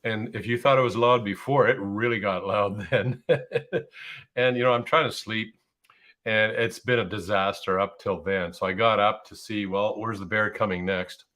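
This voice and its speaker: A man's voice: lowish voice, fairly even intonation, moderate pace, a bit bright. A man in casual conversation who laughs easily while telling an anecdote.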